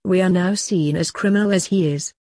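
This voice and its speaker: A woman's voice: on the low side, a little fast, mellow, dry recording, clean studio sound, lightly acted. A woman reading as a weary fugitive father. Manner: tired, resigned.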